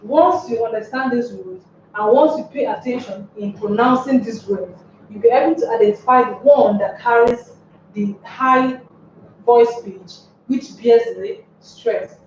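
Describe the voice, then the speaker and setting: A woman teaching an English lesson on word stress, explaining step by step and repeating words slowly. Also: fairly high pitch, a little mellow, a little hiss or hum. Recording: very echoey room, far from mic, dull.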